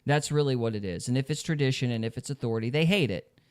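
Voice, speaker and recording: A man's voice: mid-range voice, fast, clean tone. A man hosting a podcast in casual chat, opinionated and mocking others in quoted voices. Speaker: podcast host.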